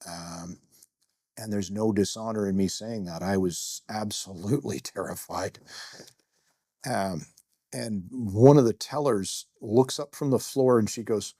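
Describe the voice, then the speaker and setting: A middle-aged security guard recounts a story in a candid, self-mocking way, with plenty of "uh" and "you know." His voice sits fairly low and sounds mellow and relaxed. The recording is dry and close. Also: unhurried, no echo. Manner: candid, self-deprecating, rambling with fillers. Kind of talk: first-person storytelling.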